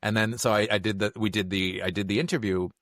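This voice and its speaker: A middle-aged man chatting casually as a podcast guest, telling stories quickly and acting out the lines of the people in them. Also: on the low side, fairly even intonation, fairly bright tone, no echo, clean studio sound. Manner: fast storyteller, acts out quotes. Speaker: podcast guest, film critic. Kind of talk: casual chat.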